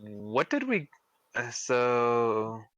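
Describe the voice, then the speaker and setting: A man's voice: medium pitch, sing-song, extremely slow, a bit bright, dull audio. A man playing a tabletop game, chatting casually and wryly. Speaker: player.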